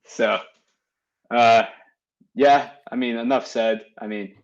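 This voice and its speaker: A man appearing as a guest on a casual podcast, relaxed and quick to laugh as he talks about films. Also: mid-range voice. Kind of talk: casual movie chat. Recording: dull lo-fi audio.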